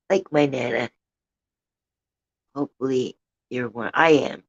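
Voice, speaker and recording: A woman's voice: a bass voice, slow pace, husky, lo-fi sound. An older woman hosting a rambling, casual livestream chat from home, sometimes indignant. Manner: chatty, rambling, indignant about politics. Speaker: livestream host. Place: home room with a heater running.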